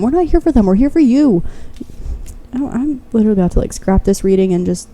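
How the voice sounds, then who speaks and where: Quick and animated, this woman speaks on the higher side with a mellow tone. She delivers a pick-a-card tarot reading directly to the viewer, fervent and blunt, swearing openly and continually encouraging whoever is listening.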